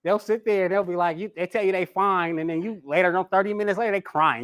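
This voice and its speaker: A man teaching a live personality class in a lively way, talking straight to his audience. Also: sits high, fast talker, hardly any pauses. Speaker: personality coach.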